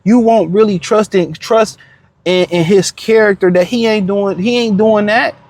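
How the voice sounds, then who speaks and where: A man's voice: high-pitched, steady tone, a little slow, a little mellow. A man giving a blunt, profane reaction rant, full of slang, repeated words and fillers. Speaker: commentator reacting to a clip.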